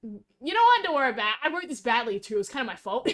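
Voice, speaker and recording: An Australian woman streaming, chatting casually and rambling, quick to laugh. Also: on the high side, big pitch swings, fairly bright tone. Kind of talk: casual live-stream chat.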